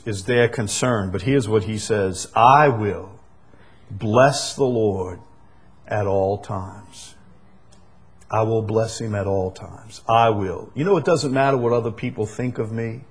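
A man preaching a sermon as pastor, emphatic, repeating key phrases and swinging between loud declarations and soft asides. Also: on the low side, slow, husky.

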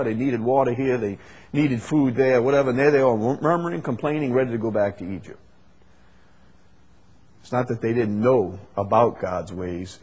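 A husky-voiced man of medium pitch leads a Bible study, rising to loud, emphatic repeated phrases before easing into quiet, halting explanation.

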